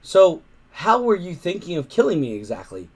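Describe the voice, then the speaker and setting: Man playing a frantic clever boy, high pitched, breathless, urgent. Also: normal speed, a little mellow, close to an everyday voice. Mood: choked. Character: panicked clever young boy hero.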